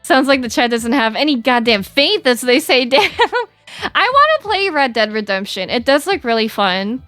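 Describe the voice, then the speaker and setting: A woman's voice: on the high side, sing-song, moderate pace, pushed and bright, dry recording, faint music behind. A young adult woman streaming, chatting casually with her chat in a bubbly, giggly, rambling way.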